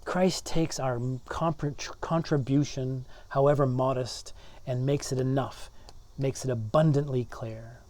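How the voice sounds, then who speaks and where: A man's voice: medium pitch, fairly even intonation, slow, a little mellow. A man, a pastor, giving a sermon in an earnest way, often repeating words as he builds his points. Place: church.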